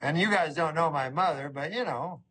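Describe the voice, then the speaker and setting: A man doing a stand-up comedy set, telling stories in a dry, deadpan way with halting pauses. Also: on the high side, in a large hall. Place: comedy stage.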